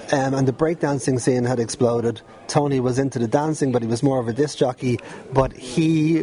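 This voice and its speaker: A middle-aged Dublin man talking through his memories in a loose, chatty way, often breaking into a laugh. His voice is mellow and soft-edged, sitting at an ordinary pitch for a man. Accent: Dublin Irish. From Dublin, Ireland. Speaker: guest, former pirate radio DJ. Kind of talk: relaxed storytelling interview.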